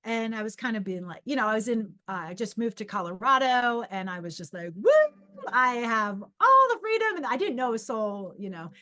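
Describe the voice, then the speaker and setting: A middle-aged woman telling a story casually on her own podcast. She talks in a loose, animated ramble, restarts her sentences and acts out what she was thinking. Her pitch sits in the ordinary middle range for a woman. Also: brisk, hardly any pauses. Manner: animated, rambling, with many restarts and acted-out inner voices. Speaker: podcast host and psychic medium.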